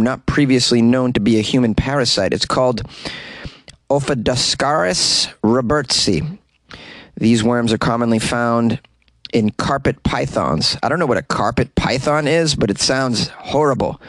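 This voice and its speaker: A man's voice: medium pitch, no echo. A man hosting a comedic news podcast, reading odd stories with wry, joking asides, recorded in a closet. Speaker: podcast host.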